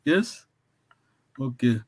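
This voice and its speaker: A man teaching a language class, encouraging his students and praising them often, with halting phrases that he repeats and restarts. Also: mid-range voice, animated, breathy edge.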